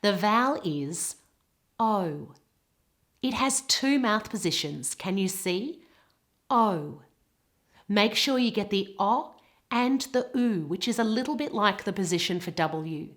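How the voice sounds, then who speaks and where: A woman with a British English accent teaching pronunciation, modelling words slowly and carefully. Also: medium pitch, animated, a bit bright. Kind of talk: pronunciation lesson.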